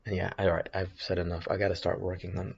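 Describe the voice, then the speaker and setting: A man's voice: deep voice, little pitch movement, fast talker, gravelly, lo-fi sound, noisy background. A man thinking aloud while commenting on his trading charts, hesitant and rambling with frequent restarts. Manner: hesitant, rambling, many restarts and self-corrections. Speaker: options trader streaming his chart analysis.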